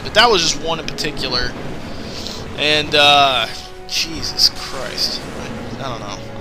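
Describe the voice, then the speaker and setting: A man in his twenties doing casual after-the-fact game commentary, rambling and swearing as he tells stories. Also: fairly high pitch. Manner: rambling, profane storytelling. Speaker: gameplay commentator. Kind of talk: casual let's-play commentary, recorded after play.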